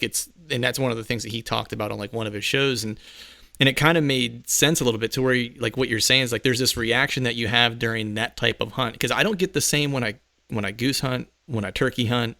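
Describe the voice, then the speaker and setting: A male podcast host with a gravelly edge to his mid-range voice, chatting loosely and circling back on himself. The sound is close and dry, with no room around it. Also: medium pitch, bright, forceful tone, no room sound. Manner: rambling, filler-heavy, laughs often. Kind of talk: casual interview chat.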